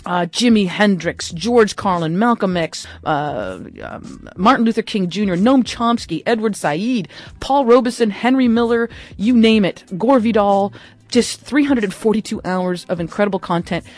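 A woman hosting a live radio fund drive, making an enthusiastic, chatty pledge pitch on a studio microphone. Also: normal speed, no echo. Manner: enthusiastic, chatty, laughs often.

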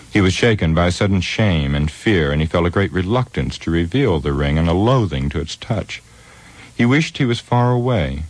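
A man narrates an audiobook at a measured, even pace. His voice is extraordinarily deep and low. The reading stays calm and steady. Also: no echo.

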